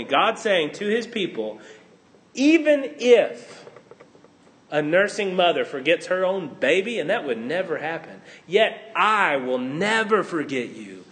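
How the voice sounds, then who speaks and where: Animated high-voiced male preacher. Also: unhurried. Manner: animated, swings between loud exclamations and hushed asides. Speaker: pastor. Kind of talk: sermon.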